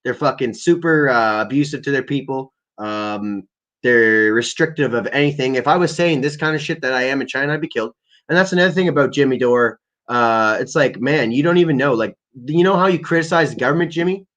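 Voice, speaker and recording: A man's voice: mid-range voice, fairly quick, a bit bright. A young man hosting a livestream, ranting casually with lots of swearing and fillers. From Canada. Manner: rambling, profane, many fillers. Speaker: livestream host. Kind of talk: casual profane rant.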